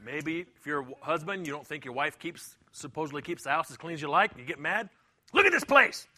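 A man's voice: on the high side, fast talker, pushed and bright. A middle-aged man preaching a sermon as pastor, emphatic and repetitive, sometimes acting out the voices of people he quotes. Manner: emphatic, acts out quoted voices, repeats himself.

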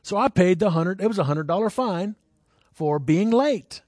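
Here a male preacher speaks at a moderate pace with an animated, slightly mellow voice, captured in studio quality with no echo. His sermon is conversational, full of personal anecdotes and questions aimed at the audience, and he leaps into high-pitched voices to portray characters.

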